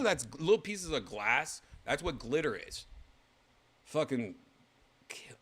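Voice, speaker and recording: A man hosts his own livestream, talking casually and reacting out loud. His voice has a bright, tense edge and swings widely in pitch. He swears freely and breaks into sudden exclamations. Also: sing-song, slow, pauses often. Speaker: show host.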